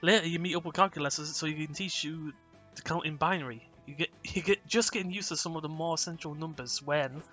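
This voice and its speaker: Brief: casual male game reader, playful and quick to laugh, crisp bright tone over faint music. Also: fairly high pitch. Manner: playful, laughs often, trips over words. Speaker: player reading a text game aloud.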